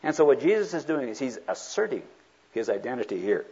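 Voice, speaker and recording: In a husky, slightly rough voice, a man preaches a sermon, his pitch swinging widely as he acts out the speakers he quotes. He talks a little fast and sounds a little mellow, though the recording is dull and lo-fi.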